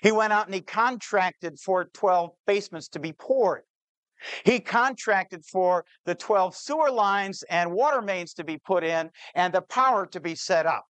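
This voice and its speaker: A man telling a true-to-life story to an audience, slowing down on key details and voicing the people in it. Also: sits high, fairly bright tone, clean tone, no room sound. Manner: shifts pace, slows on key details, plays the people in the story. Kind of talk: dramatic spoken storytelling.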